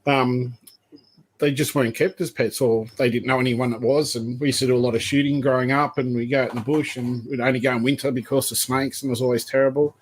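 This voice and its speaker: A man's voice: mid-range voice, fairly even intonation, fast, slightly rough. A man in his fifties with an Australian accent, a podcast guest rambling through long anecdotes. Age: 50s. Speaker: guest, python breeder. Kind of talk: casual podcast chat.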